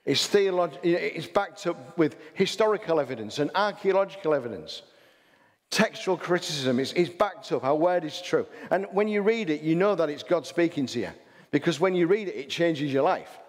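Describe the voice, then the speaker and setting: Long hall reverb surrounds this sermon from a Hull-accented pastor. His voice sits a little high and is expressive, moving at a normal speed, and he keeps it chatty with plenty of rhetorical questions and restarts.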